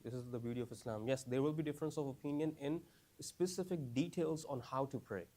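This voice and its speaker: A man with a medium-pitched, dark-toned voice teaches a class for new Muslims, speaking a little fast. He asks lots of questions, repeats phrases, and often drops in "right?" and "you understand?".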